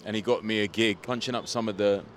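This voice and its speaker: Man, low register, laid-back guest telling stories outdoors, loose and chatty, faint street noise. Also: fast talker. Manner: relaxed storytelling, frequent "like" fillers. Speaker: guest, comedian and rapper. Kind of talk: casual interview chat.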